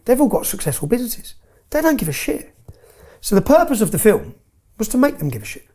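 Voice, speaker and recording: A man's voice: high voice, huge pitch swings, fairly quick, a little mellow. A man telling stories with emphasis as an interview guest, often tagging his points with "yeah?". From England. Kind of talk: heated interview storytelling.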